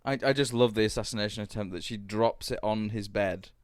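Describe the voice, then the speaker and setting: A man's voice: lowish voice, fairly even intonation, brisk, slight background noise. A man co-hosting a casual podcast, playful and chuckling. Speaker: podcast co-host.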